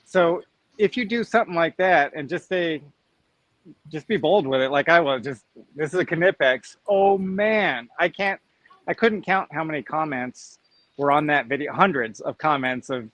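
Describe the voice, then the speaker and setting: Animated man telling a tool story. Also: on the high side, moderate pace, no echo, highs cut off. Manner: animated storyteller, acts out commenters' voices. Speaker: YouTuber guest. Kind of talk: casual group chat on a live stream.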